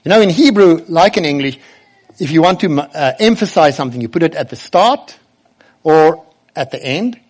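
A man's voice: fairly high pitch, lively intonation, normal speed. Earnest male preacher. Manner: earnest, asks the children questions directly. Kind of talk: sermon.

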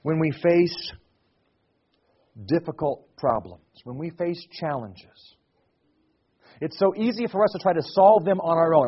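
A middle-aged man preaching a sermon in a slightly husky, fairly high voice. His delivery swings widely, from ringing emphatic declarations down to hushed, intimate reflection. The recording is dull and lo-fi. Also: measured pace, pauses often. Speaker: pastor.

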